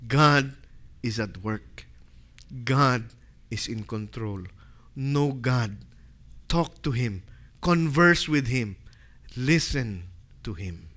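A man preaching a sermon, dramatic and full of rhetorical questions, swinging from loud to hushed. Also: mid-range voice, animated, very slow, pauses often.

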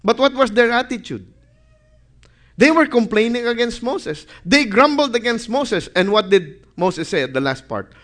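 A man's voice: extremely high pitch, very animated, moderate pace, a bit bright. A man preaching a sermon, reading scripture aloud and putting questions to the congregation that he answers himself. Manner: reads scripture aloud with rising emphasis.

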